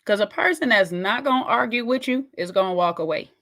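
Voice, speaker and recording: A woman's voice: mid-range voice, animated, a little fast, fairly bright tone. A woman hosting a reaction video, giving sassy, emphatic commentary and talking straight to the viewer. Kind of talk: casual commentary reacting to a clip.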